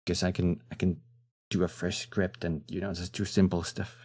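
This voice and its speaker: A man streaming casually, relaxed and chatty, who laughs often, trails off into fillers and answers his chat. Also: low voice, normal speed, breathy edge. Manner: reads chat messages aloud and answers them.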